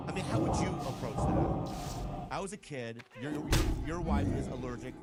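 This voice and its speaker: A man's voice: mid-range voice, normal speed. A man doing a stand-up routine, acting out other people's voices as he tells a story. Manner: animated, acts out other voices. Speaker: stand-up comedian. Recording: loud music behind.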